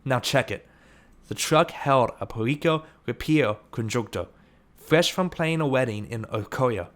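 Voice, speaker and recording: A man narrating an audiobook, reading steadily and lifting his voice for shouted lines. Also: medium pitch, expressive, measured pace. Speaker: audiobook reader.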